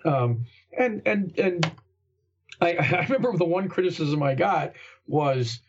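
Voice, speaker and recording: A man with a raspy voice chatting earnestly on a podcast, rambling with many restarts. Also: on the high side, animated, unhurried, highs cut off. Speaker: guest game master. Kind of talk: casual podcast conversation.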